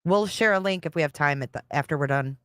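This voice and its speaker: A woman's voice: deep voice, fast talker, a bit bright, no room sound, clean studio sound. A woman hosting a live stream, chatting casually and reading out viewer comments as she reacts to a clip. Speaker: livestream host reacting to a clip.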